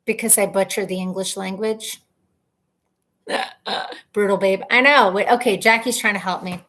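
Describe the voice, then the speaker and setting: This livestream host, a woman in her thirties, has a medium-pitched, fairly bright voice and talks at a moderate pace. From home, she runs a casual stream, reading out viewer comments in a rambling, chatty way and laughing at herself.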